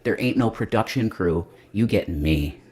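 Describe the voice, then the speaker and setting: A man's voice: fairly low pitch, animated, a little slow, slightly rough. A man, a self-styled reverend, doing a rambling, profane comedic monologue on a livestream. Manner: profane, rambling, jumps between loud and muttered.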